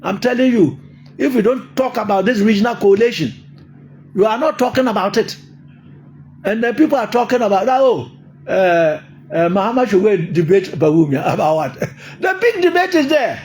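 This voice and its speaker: With a very high-pitched, slightly mellow voice, an older man speaking with a Ghanaian accent delivers a forceful political monologue. He keeps repeating his points and laughs a lot.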